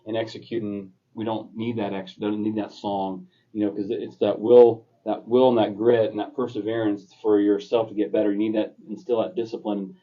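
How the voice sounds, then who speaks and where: An earnest man reflecting aloud as a podcast co-host, his low voice staying flat. He sits back from the mic, and the recording is dull and lo-fi. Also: moderate pace, hardly any pauses, recorded from a distance. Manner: earnest, reflective, speaks in run-on thoughts. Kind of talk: casual chat.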